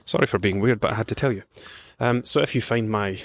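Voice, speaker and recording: A man's voice: fairly low pitch, quick pace, dry recording. Chatty man, dry close sound. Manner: chatty and rambling, with many ums and restarts. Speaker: podcast host, nutrition coach. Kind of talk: casual podcast monologue. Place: outdoors on a morning walk.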